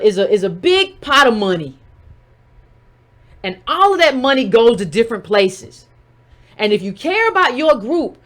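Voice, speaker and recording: A woman giving livestream political commentary, emphatic and firing rhetorical questions while speaking straight to her audience. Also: high voice.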